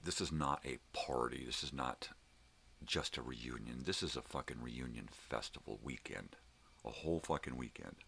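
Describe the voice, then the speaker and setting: Very deep gravelly profane ranting man. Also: normal speed, pushed and bright, a little hiss or hum. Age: middle-aged. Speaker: vlogger host. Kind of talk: casual morning rant.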